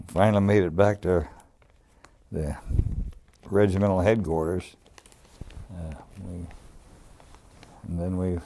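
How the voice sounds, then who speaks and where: A man's voice: low voice, vocal fry, warm tone. An older man, a WWII veteran, recalling his wartime experiences in a rambling, folksy way for an oral history. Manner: rambling, folksy storytelling with restarts.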